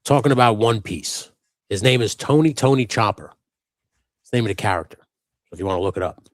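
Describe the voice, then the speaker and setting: Low-voiced man rambling casually. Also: expressive, a little fast, no echo. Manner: loose and rambling, swears a lot. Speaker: co-host of a live customizing stream. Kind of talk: casual chat.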